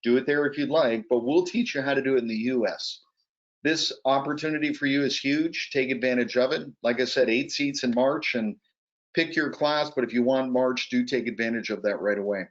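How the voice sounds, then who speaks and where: A man giving an energetic, urgent sales pitch as a guest presenter on a webinar over a video call. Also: brisk. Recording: muffled lo-fi call audio.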